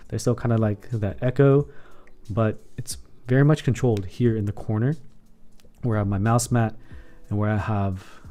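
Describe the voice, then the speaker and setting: A man's voice: fairly low pitch, steady tone, normal speed, dark tone. Rambling man streaming from his desk. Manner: rambling, answers chat, self-corrects. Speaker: keyboard streamer. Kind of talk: casual live-stream chat. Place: home room with sound panels in a corner. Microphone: condenser microphone at desk.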